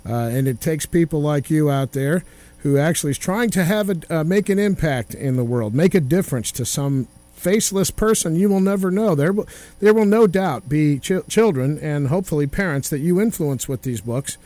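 A man's voice: on the high side, lively intonation, moderate pace, mellow, no room sound. A man hosting a radio interview, folksy and encouraging as he talks to his guest and listeners. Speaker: radio host.

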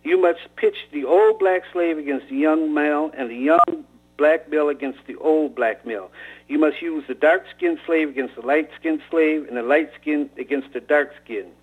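A man's voice: fairly high pitch, moderate pace, natural voice. A man voicing a subdued young man reading aloud reluctantly, heard over a tinny phone-like radio line.

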